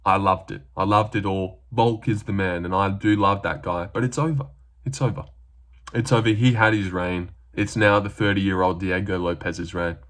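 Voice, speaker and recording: A man's voice: low voice, steady tone, normal speed, a bit bright. A young Australian man talking casually through his fight predictions, rambling with lots of fillers.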